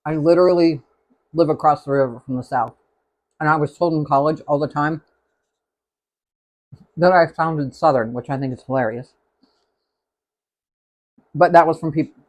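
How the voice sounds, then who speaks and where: A man's voice: on the high side, fairly even intonation, normal speed, long pauses. A man hosting a live cooking stream, chatting casually and rambling as he tastes the food. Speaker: cooking show host.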